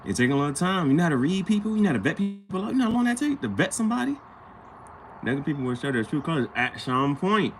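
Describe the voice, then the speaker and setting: A man's voice: a little high, fast talker, soft background music. A man vlogging in a casual, slangy storytelling chat, acting out the people he talks about. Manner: animated, slangy, acts out quoted people.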